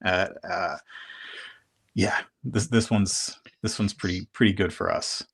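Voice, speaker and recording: A man's voice: sits low, a little slow, vocal fry, fairly bright tone, husky. A man appearing as a guest on a board game show over a video call, talking hesitantly with many fillers and restarts. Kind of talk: casual chat.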